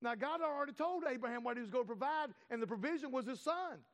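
A man with a high-pitched voice preaches, leaning on words and stretching them out for emphasis. His voice carries a long reverb from a large hall. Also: expressive, fast, a bit bright. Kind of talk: sermon.

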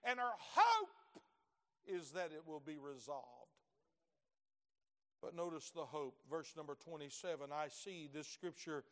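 A middle-aged preacher with a fairly high-pitched voice, carried by a long, ringing church reverb. He tells homely stories in a folksy way, sinking to quiet asides before rising to loud, shouted peaks. The mood throughout is a live sermon delivered from the pulpit. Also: steady tone, measured pace.

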